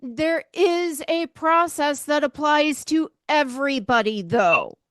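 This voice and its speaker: A woman co-hosting a political podcast, speaking in a hesitant, halting way. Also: high voice, expressive, a bit bright, dry recording, studio quality. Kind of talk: political discussion.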